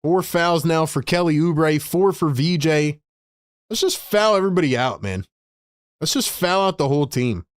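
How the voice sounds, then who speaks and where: A man's voice: fairly high pitch, lively intonation, normal speed, no echo, clean studio sound. A man hosting a live stream, calling basketball play-by-play and reacting to his team with frustration while talking to his chat. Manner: frustrated, exasperated, chats to viewers. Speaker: live-stream sports commentator.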